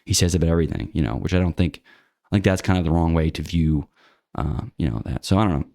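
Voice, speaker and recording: A man's voice: extremely low pitch, animated, quick pace, gravelly, a little mellow, dry recording, clean studio sound. A man talking through his opinions in a rambling, blunt casual monologue, full of fillers and restarts. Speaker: channel host.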